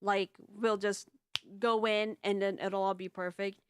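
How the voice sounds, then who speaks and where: A woman's voice: mid-range voice, flat delivery, unhurried, clean tone, no echo, clean studio sound. A young woman leading a voice-dubbing group, thanking her team in casual, rambling chat with many restarts. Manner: effusive, grateful, rambling with restarts.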